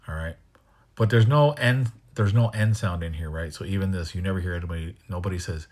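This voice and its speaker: A man teaching the sounds of a language, slowly repeating words and sometimes whispering them so the contrast can be heard. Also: sits low, expressive, darkish tone, slightly rough. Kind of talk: pronunciation lesson.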